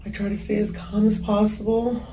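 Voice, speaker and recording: A woman giving emotional interview testimony as a mother, halting and hesitant with many pauses. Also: medium pitch, flat delivery, creaky, dark tone. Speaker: mother recounting a killing. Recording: echoey room with faint background noise.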